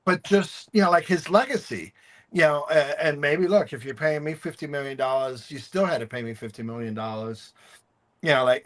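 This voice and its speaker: A man's voice: medium pitch, normal speed, fairly bright tone. A man co-hosting a sports talk show, ranting heatedly and swearing often. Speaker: podcast co-host.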